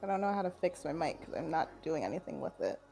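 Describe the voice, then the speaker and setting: A woman's voice: low voice, very animated, fast, vocal fry, a little mellow, husky, faint music behind. A woman player in casual chat during a tabletop game, breezy and a bit flustered.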